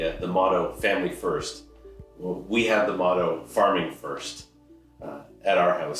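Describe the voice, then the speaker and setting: Dry-humored man, deep voice. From Ontario, Canada. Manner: dry, self-deprecating delivery. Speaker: comic storyteller. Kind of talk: humorous personal monologue. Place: event hall. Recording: echoey hall, mic far off.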